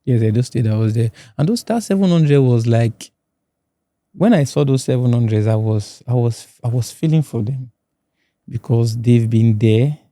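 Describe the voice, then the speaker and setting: A Nigerian-accented man telling his own story in a halting, restarting way. His voice is very mellow and dark, at a middle pitch. The recording is dry and close, as in a podcast studio. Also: no room sound. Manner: halting, restarts and repeats words. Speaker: guest. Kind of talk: personal testimony in a podcast interview.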